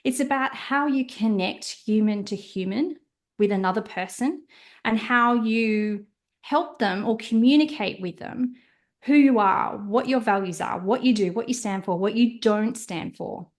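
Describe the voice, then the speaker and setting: A woman as a guest on a podcast interview, explaining her views in an animated way. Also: a little high, a little slow. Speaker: podcast guest, marketing strategist.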